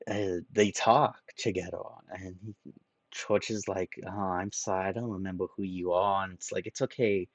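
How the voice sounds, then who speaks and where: A young man giving an emotional, rambling solo review of a series, halting with repeats and fillers, close to tears. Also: low voice, dry recording. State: tearful, emotional. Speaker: video reviewer.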